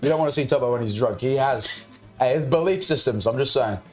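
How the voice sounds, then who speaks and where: A young man chatting casually as a podcast co-host, telling stories animatedly and getting loud. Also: medium pitch, quick pace, faint music behind. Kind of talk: casual storytelling chat. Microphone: streaming microphone.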